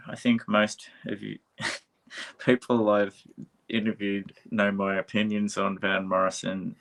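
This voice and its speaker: A man with a low, unhurried voice hosts a casual chat interview. He is chatty and laughs often, throwing in playful asides. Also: creaky, fairly bright tone. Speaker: host. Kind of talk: casual video-call interview.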